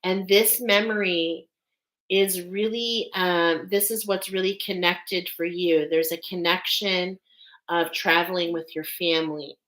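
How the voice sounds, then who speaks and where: A woman giving a live channeled intuitive reading in a halting way, often pausing to check in with "okay". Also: lowish voice, fairly even intonation, a bit bright, poor audio. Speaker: intuitive reader.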